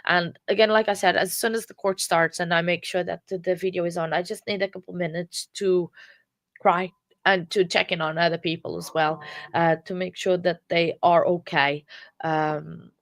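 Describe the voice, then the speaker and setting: A sad woman close to tears, hosting a casual true crime live stream in a subdued, monotone way. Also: lowish voice, normal speed, no echo. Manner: subdued, self-described monotone delivery. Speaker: true crime livestream host.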